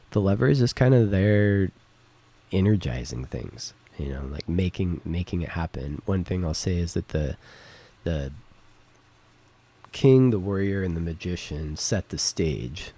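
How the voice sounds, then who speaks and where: Middle-aged male host, deep husky voice, rambling reflective monologue, home studio mic. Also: warm tone. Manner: rambling, lots of fillers and "right?". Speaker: podcast host. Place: home recording setup. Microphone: studio microphone with interface.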